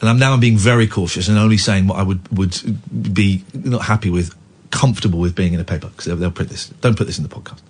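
A man's voice: deep voice, fast, husky. A male radio host, emotionally retelling a distressing incident in casual on-air chat. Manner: emotional, animated retelling with restarts. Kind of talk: candid storytelling chat.

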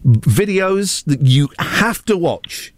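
Lively teasing male radio presenter. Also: fairly high pitch, noisy background. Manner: teasing, playful, quick to joke. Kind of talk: casual radio banter.

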